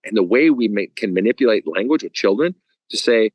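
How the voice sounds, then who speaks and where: A man's voice: fairly low pitch, brisk, dry recording, rough recording. A man speaking as a guest counselor on a podcast, talking bluntly with casual swearing and acting out stories. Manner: blunt and profane, animated storytelling.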